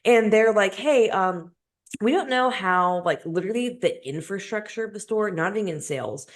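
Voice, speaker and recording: A woman's voice: medium pitch, expressive, moderate pace. A young woman co-hosting a podcast in casual chat, rambling with lots of fillers and restarts. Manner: chatty, many fillers and restarts, laughs easily. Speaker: podcast co-host.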